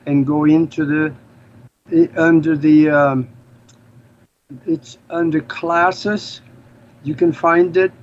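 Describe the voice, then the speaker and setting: A man's voice: fairly high pitch, darkish tone. A man from Norway, speaking English as a second language, explaining things earnestly as an interview guest. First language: Norwegian. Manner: earnest, explanatory, slightly non-native grammar. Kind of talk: casual interview talk. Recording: slightly dull lo-fi audio with faint noise.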